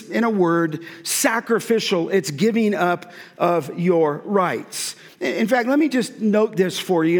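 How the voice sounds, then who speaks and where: A man with a high-pitched voice delivers an earnest, emphatic sermon, pressing his points and sometimes restarting mid-sentence. His voice rings out with the long reverb of a large church hall. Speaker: pastor.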